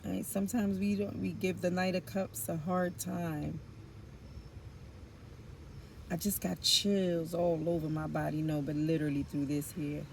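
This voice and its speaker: A woman's voice: fairly low pitch, steady tone, unhurried, gravelly, darkish tone, a little hiss or hum. A woman giving an intuitive tarot reading, musing aloud in informal slang with rambling asides and fillers. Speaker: tarot reader.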